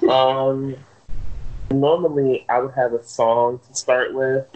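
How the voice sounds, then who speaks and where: A man co-hosting a podcast, his voice sitting at an ordinary middle pitch. He banters, teases and swears freely. The sound comes through a Skype call. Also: level tone, takes it slowly, a little mellow, muffled recording. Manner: playful, teasing, loose with profanity. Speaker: podcast co-host. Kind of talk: casual banter. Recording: uneven call audio.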